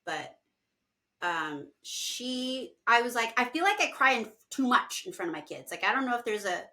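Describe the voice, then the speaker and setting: A woman co-hosting a podcast in casual chat, open and quick to laugh. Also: fairly high pitch, very animated, pushed and bright. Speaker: podcast co-host.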